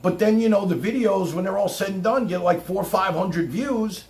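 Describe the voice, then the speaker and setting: A man's voice: sits high, normal speed, darkish tone. A man hosting his own livestream, talking casually in a boastful, rambling showman's way. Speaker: livestream host.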